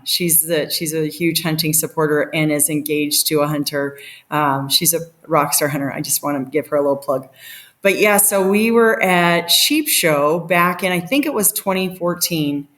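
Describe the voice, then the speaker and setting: Middle-aged lady guest on a podcast, telling a story all animated, laughs a lot, voice a bit low. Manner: animated, laughing, acts out quotes. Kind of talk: casual storytelling.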